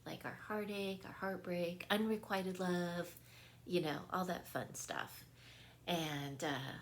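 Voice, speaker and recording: Her voice sits low, and there's slight background noise as this wellness coach delivers an earnest, relaxed spiritual talk. She laughs readily, repeats points, and keeps checking in with listeners with "right?"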